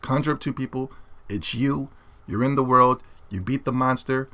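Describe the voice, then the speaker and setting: Brash, profane young man ranting about games. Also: moderate pace. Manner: brash, profane, boastful, swings from loud yelling to low muttering. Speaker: gaming YouTuber. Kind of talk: profane fanboy rant about video games.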